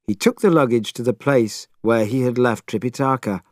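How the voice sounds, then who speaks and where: A man narrating a storybook chapter in a measured, expressive way. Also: mid-range voice, no echo, studio quality.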